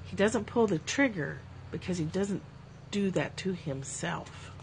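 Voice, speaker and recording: A woman reads spiritual passages aloud on a livestream in a low, even voice. She moves slowly and reflectively through the text, now and then slipping into light, self-mocking asides. A faint steady hum sits under her voice, as if recorded on a phone. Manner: calm, slow reading, breaking off into joking asides. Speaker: livestream host reading spiritual texts. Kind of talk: reflective reading with casual asides.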